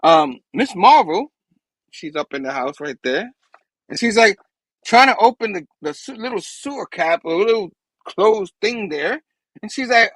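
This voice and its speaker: A man hosting a show who recaps a comic book in an animated, rambling way and chuckles often. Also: high-pitched, unhurried, dry recording, low-quality recording. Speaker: host.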